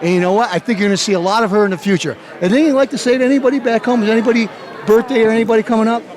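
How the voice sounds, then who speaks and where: A man's voice: sits high, racing, some chatter behind. A man hosting his show, hyping the event and interviewing people in a playful, hammy showman manner. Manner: animated, playful hype-man delivery. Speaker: show host.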